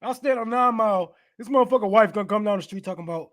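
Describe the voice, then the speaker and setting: High-voiced man ranting, profane and heated. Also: fairly even intonation, fast talker, fairly bright tone. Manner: stammering, laughing, heated. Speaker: podcast host.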